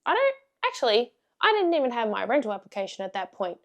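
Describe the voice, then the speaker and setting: A young woman vlogging a casual storytime, blunt and sweary, laughing often and swinging from loud to hushed. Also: fairly high pitch, huge pitch swings, fast, dull audio.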